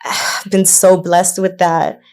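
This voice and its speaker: Woman, podcast co-host; slow, low voice, emotional and heartfelt, gets choked up. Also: flat delivery, a little mellow. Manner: emotional, chokes up while speaking. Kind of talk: casual podcast chat.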